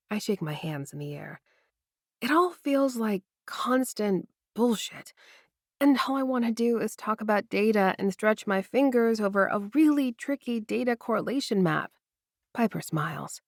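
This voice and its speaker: A woman reading a first-person romance audiobook with intimate, expressive storytelling. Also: medium pitch, creaky, dry recording, clean studio sound. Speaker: audiobook narrator.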